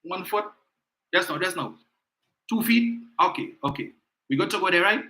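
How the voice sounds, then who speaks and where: A man's voice: sits high, expressive, normal speed, pushed and bright, voice pushed up. A man putting on the voice of a frail older woman politician who needs help walking, fussy and short of breath. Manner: breathless, fussy, step-by-step mocking.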